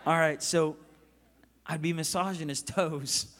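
A man in his thirties preaching as a guest pastor, telling a story with passion and swinging between loud and hushed. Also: on the high side, steady tone, a little slow, slight background noise. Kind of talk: sermon. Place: large church auditorium. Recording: long reverb of a large hall.

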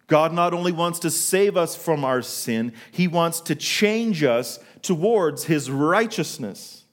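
A middle-aged man preaching a sermon to a congregation, telling a story from his own working life and slowing down to stress key words. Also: fairly high pitch, expressive. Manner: storytelling, asks the congregation questions, slows for emphasis. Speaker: pastor.

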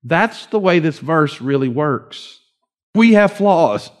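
A middle-aged man preaching a conversational, animated sermon, slowing to hushed readings of scripture. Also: a little high. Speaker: pastor.

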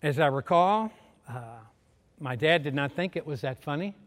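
Middle-aged man delivering a sermon story in a fairly high voice, acting out each character; recorded in a reverberant hall. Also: lively intonation, moderate pace. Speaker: preacher.

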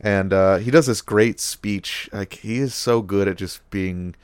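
A man with a fairly low voice recaps an old TV episode in casual podcast chat. He rambles, restarts and drops fillers. The sound is dry and close. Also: unhurried, smooth, no room sound. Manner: rambling, filler-heavy storytelling with acted-out quotes. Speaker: podcast co-host.

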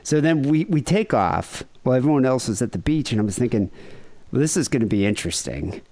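A man's voice: medium pitch, fairly quick, no echo. A man co-hosting a podcast, telling a rambling, profane story in casual chat. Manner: animated, profane, mimics people in quotes. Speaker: podcast co-host.

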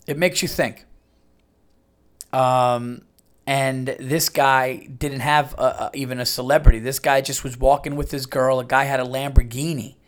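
A man's voice: mid-range voice, unhurried. Profane storytelling man in his late thirties. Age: late 30s. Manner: animated, profane, acts out quotes in raised voices. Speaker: podcast host. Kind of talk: casual storytelling monologue.

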